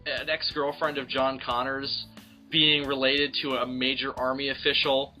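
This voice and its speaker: A man's voice: medium pitch, level tone, moderate pace, pushed and bright, faint music behind. A man co-hosting a casual film discussion, emphatic and opinionated, and he swears freely. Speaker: podcast co-host.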